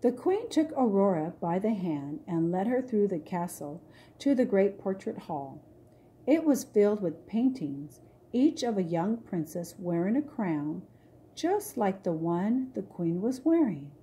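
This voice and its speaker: A woman reading a children's storybook aloud in a slow, lilting storytelling voice. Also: medium pitch, sing-song, warm tone, breathy edge. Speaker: storybook reader.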